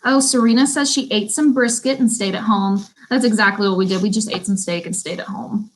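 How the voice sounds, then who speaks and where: A woman's voice: medium pitch, fairly quick, slight background noise, rough recording. A young woman, teaching a beauty school class over a live stream in a chatty way and reading out viewers' comments.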